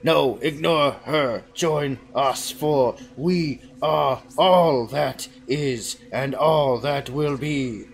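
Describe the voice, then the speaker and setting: A man voicing a cult of cheese-worshipping spirits in a video game, speaking in slow, low, coaxing tones. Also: gravelly. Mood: tempting.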